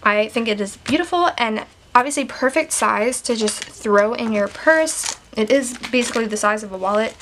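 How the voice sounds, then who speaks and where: A woman's voice: a little high, animated, moderate pace, fairly bright tone, a little hiss or hum. A woman vlogger chatting casually while showing off her stationery setup, with lots of "like" fillers. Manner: enthusiastic. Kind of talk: casual show-and-tell chat.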